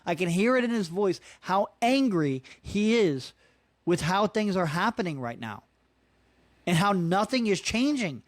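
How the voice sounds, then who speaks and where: A man's voice: high-pitched, very animated, a little slow, dry recording. A man in his thirties hosting a solo podcast, ranting in a casual, profane, frustrated way and peppering his talk with "dude" and "man". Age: 30s. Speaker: podcast host.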